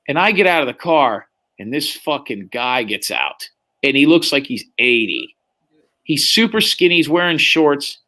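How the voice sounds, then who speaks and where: A man's voice: medium pitch, very animated, moderate pace, bright, forceful tone. A man telling anecdotes on a live stream chat, laid-back and profane. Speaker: guest.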